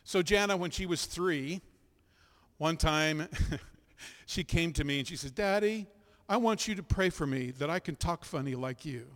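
A middle-aged man preaching as a pastor, leading his congregation in loud spoken confessions and scripture, with relaxed, chatty asides. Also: fairly high pitch, unhurried. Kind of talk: sermon. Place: church sanctuary. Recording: echoey hall with long reverb.

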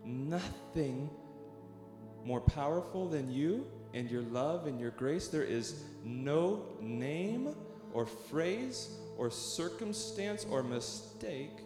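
A man praying aloud in a church hall at a very unhurried pace. He halts and repeats words as he searches for them. His voice echoes through the room with a long reverb while instruments play clearly beneath him. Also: fairly high pitch, lively intonation. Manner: halting, repeating words as he prays. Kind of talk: spoken prayer over music. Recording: echoey hall with live music.

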